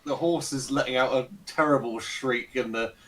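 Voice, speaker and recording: Man, dungeon master, hesitant narration, mid-pitched voice, distant mic. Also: normal speed. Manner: hesitant, laughing often. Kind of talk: narrating a tabletop game.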